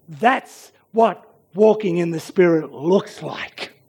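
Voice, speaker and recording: A man with a notably high voice preaches an earnest sermon at an unhurried pace. He swings between emphatic declarations and hushed, almost whispered lines. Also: animated, husky.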